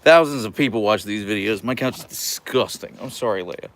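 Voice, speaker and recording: A man's voice: lowish voice, fairly quick, a bit bright, slight background noise. A man hosting a casual livestream from his couch at home, reading out viewer comments and joking with them. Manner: chatty, joking, reads viewer comments aloud. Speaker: livestream host, dog owner.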